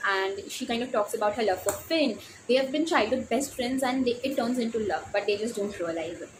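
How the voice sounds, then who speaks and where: A teenage girl from India, speaking English with an Indian accent, chatting in a casual book vlog. Her voice sits a touch high and she gushes, piling up exclamations and stumbling restarts. A faint layer of noise hangs behind her. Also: low-quality recording. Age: teens. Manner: gushing, excitable, with frequent restarts and exclamations. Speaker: book vlogger.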